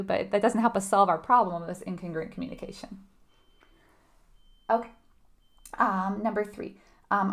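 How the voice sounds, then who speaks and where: A woman's voice: mid-range voice, moderate pace, long pauses, a bit bright. A woman leading a live nursing exam review lesson, talking conversationally and asking her audience questions. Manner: conversational, asks the audience questions, frequent "right?".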